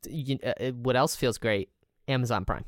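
A woman's voice: very deep voice, moderate pace, no echo, clean studio sound. A woman co-hosting a podcast in casual chat, laid-back and drawling with lots of filler words. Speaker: podcast co-host.

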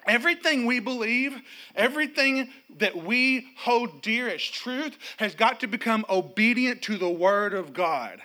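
A middle-aged male pastor preaches with a high, lively voice that swings up and down as he tells a story. His tone is very bright and cutting. He keeps the congregation involved with humor and questions. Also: unhurried. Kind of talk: sermon. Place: church.

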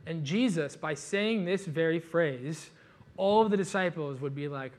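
A man delivers a sermon in a relaxed, chatty way. He talks on a slightly high pitch and keeps things lively with joking asides and loose fillers. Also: a little slow. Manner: casual, animated, joking asides, frequent "like". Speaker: pastor. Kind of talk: conversational sermon.

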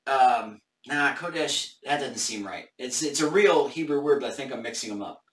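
A man's voice: mid-range voice, moderate pace, fairly bright tone, echoey room, distant mic. A man hosting a casual Bible study discussion live on camera, thinking aloud with hesitant restarts.

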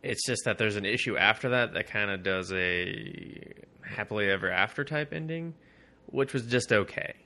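A man co-hosting a comics podcast, talking in relaxed, profane casual chat that sometimes drops to a mumble. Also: on the low side, moderate pace. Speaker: podcast co-host.

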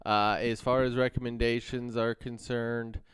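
A man hosting a casual podcast chat, joking with quick banter. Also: mid-range voice, little pitch movement, clean tone. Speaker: podcast host.

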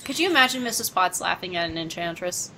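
Woman co-host, bright voice, animated plot recaps, faint rumble behind. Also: fast, poor audio. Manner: animated, recaps plot, quotes characters playfully. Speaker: podcast co-host. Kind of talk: casual movie discussion.

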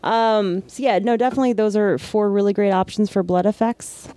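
New Jersey-accented effects artist, mellow, dry. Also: mid-range voice, fairly quick, no room sound. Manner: chatty, many filler ums. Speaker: special effects makeup artist, co-host. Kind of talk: casual shop talk.

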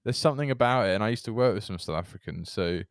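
A man's voice: lowish voice, animated, fast, dry recording, studio quality. A man co-hosting a podcast, rambling and joking, often stopping and restarting. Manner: rambling, self-interrupting, jokey. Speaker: podcast co-host. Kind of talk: casual chat.

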